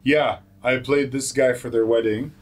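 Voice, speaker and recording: A man in his thirties, a musician from a Lebanese family, chatting in a relaxed, jokey way in his home studio. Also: mid-range voice, normal speed, faint music behind. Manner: laid-back, jokey, laughs easily. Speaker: musician, guest. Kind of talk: relaxed casual chat.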